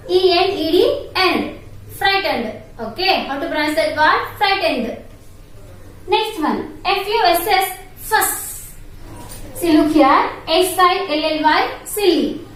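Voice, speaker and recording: With an extremely high, somewhat bright voice, a woman teaching an online English class for young children spells every word slowly, letter by letter, and says it again. She is a primary school English teacher with an Indian English accent. The sound is echoey and distant, with faint background noise.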